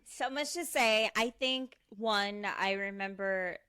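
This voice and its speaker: Woman podcast co-host, casual chat, eager, bright forceful voice. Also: medium pitch, takes it slowly, clear, resonant tone.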